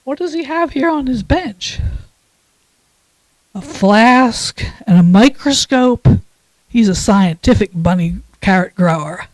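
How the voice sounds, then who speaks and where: A woman leading a church service, reading a passage aloud and then telling a children's story in a calm, measured way. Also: on the high side, dry recording, low-quality recording. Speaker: worship leader.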